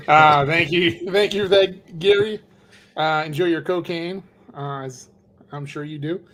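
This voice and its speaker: A middle-aged man with a fairly high voice, casually co-hosting a live stream. He rambles, stops and restarts, and fills gaps with lots of "uh". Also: fairly bright tone. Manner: rambling, halting with many fillers. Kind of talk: casual chat.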